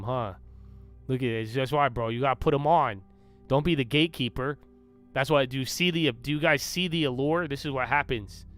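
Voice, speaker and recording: A man's voice: mid-range voice, a bit bright, smooth. A young man hosting a live trading stream, bragging and bantering with his chat in a loose, cocky way. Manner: boastful, banters with chat, swears. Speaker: livestream host. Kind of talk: casual livestream chat.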